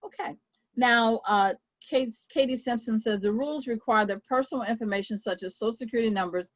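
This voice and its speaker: A woman's voice: on the high side, brisk, dry recording, highs cut off. A woman court clerk moderating a webinar, reading out questions and answering them with frequent ums and uhs. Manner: reads out questions, then answers with many fillers. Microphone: video call.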